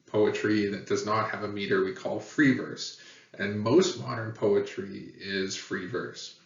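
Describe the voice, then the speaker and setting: A man teaching a lesson in a plain, patient way, pausing often with fillers. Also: lowish voice, level tone. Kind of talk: explanatory lecture. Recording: echoey, dull, far from mic.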